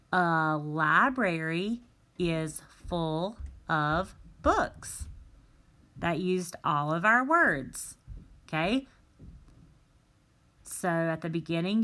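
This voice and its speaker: A woman teacher reading words slowly and carefully, talking young students through a phonics worksheet. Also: lowish voice, bright, forceful tone. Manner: slow, careful, drawn-out word reading. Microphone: tablet microphone.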